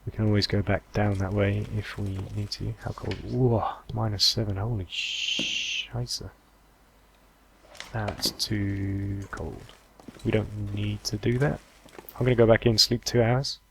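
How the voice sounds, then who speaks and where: A man with a low, gravelly voice narrates his gameplay in a relaxed, chatty way, thinking aloud about supplies and plans. Game ambience sits clearly behind his voice the whole time. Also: moderate pace, a little hiss or hum. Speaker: gameplay commentator. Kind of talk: relaxed let's-play commentary.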